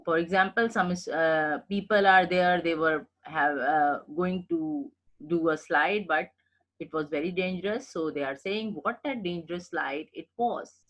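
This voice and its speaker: Slow, patient woman teaching grammar. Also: deep voice, a bit bright. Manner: patient, repetitive explaining with checking "okay?". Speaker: English teacher. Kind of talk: recorded grammar lecture.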